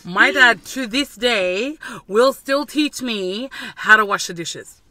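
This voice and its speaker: Woman in her thirties, from Fiji, bright tone, casual chat, animated storytelling. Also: a little high, slow pace. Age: 30s. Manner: animated storyteller who mimics her dad. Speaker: host.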